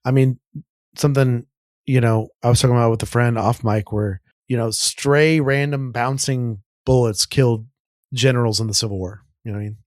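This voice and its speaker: A man's voice: mid-range voice, darkish tone, no echo, studio quality. A man co-hosting a casual podcast, chatty, often chiming in to agree. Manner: chatty, quick agreeing interjections. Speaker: podcast co-host.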